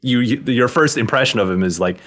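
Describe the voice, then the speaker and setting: A man's voice: medium pitch, quick pace. A man co-hosting a casual game podcast, hesitant and full of restarts as he explains things. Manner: hesitant, restarts a lot, lively intonation. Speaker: podcast co-host.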